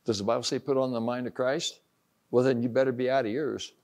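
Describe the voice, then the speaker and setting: A man's voice: mid-range voice, fairly even intonation, fast, darkish tone. An older man from Ohio preaching an informal sermon, folksy, telling stories and acting out the voices he quotes.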